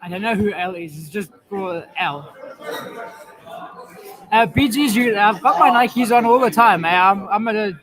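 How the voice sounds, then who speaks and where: High-voiced man commentating rugby live. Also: unhurried, long pauses, crowd noise, poor audio. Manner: chatty and self-mocking, laughs often, greets viewers by name. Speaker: live stream match commentator. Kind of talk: casual live commentary reading viewer chat.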